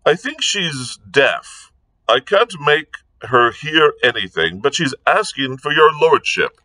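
A man's voice: a little high, sing-song, sharp tone, no echo, voice pushed up, exaggerated voice. A man doing a proper, deferential manservant. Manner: polite, measured, subservient.

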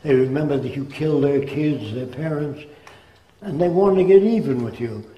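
A man's voice: on the high side, dull audio. An older man from the United States giving an earnest public lecture in a hall. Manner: earnest, lecturing, slips into quick impressions. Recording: echoey hall.

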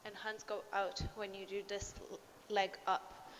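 Slow-speaking woman dance teacher. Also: medium pitch, little pitch movement, fairly bright tone. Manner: slow, step-by-step explanations. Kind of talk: live online dance class, explaining steps. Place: dance studio. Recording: long reverb, faint ambient noise.

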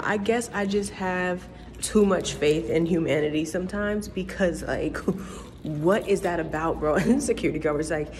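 A woman's voice: fairly low pitch, normal speed, a little mellow, a little hiss or hum. A young woman vlogging casually, venting in an exasperated, swearing ramble full of "like" and "bro". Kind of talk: casual vlog rant.

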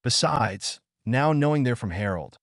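A man's voice: mid-range voice, expressive, a little slow, no echo. A man voicing a dry-witted goth teen girl in a wry manner.

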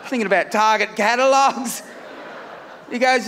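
A middle-aged Australian man doing a loud, brash stand-up comedy set on a festival stage, laughing at his own jokes. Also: high-pitched, brisk. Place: comedy festival stage before a live crowd. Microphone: stage microphone.

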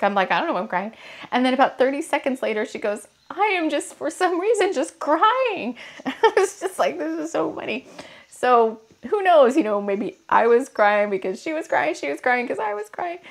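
A woman giving a rambling, casual spiritual card reading, her throat a bit hoarse and scratchy, laughing often. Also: a little high. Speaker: tarot card reader.

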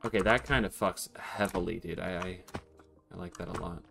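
A young man chatting casually while gaming, excitable and joking, swearing often. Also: low voice, normal speed, gravelly, faint music behind. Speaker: host, Minecraft server player.

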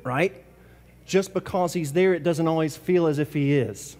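A man's voice: on the high side, unhurried, darkish tone, in a large hall. A man preaching a sermon as pastor, talking casually and asking the congregation questions. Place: church sanctuary.

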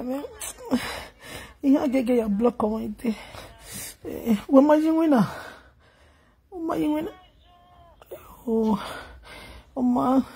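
A woman's voice: high voice, dark tone, husky. A middle-aged Nigerian woman vlogging, wailing and chanting in grief before telling a sad story in gossip style. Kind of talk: emotional lament and gossip.

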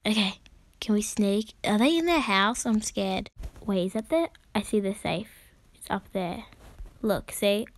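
Brief: high-pitched woman, casual game commentary, giggly and exclamatory, dry close sound. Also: no echo. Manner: chatty, giggly, gasping and exclaiming. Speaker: gaming channel host.

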